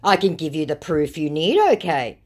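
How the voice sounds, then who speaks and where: A woman's voice: sits low, moderate pace, a little mellow. A woman reading out the messages of a smarmy male scammer pretending to be a celebrity, overeager and wheedling.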